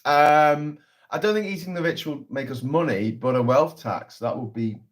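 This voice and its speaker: A man's voice: fairly high pitch, normal speed. A man hosting a casual political livestream, talking in a sarcastic, sweary, rambling way.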